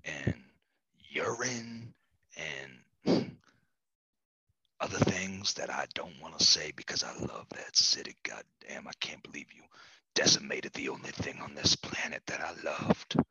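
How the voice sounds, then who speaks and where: A man doing an impression of a blustering old president, talking in a breathy, whispery rasp and rambling gruffly. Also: rumbling low, measured pace, pushed and bright, no room sound, pitched below the performer's own voice, full character voice, rough recording. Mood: aggrieved.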